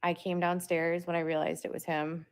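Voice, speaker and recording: A woman's voice: lowish voice, little pitch movement, moderate pace, smooth. A young adult woman and parent, talking casually to her viewers in a rambling way with lots of filler words. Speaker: parent vlogger.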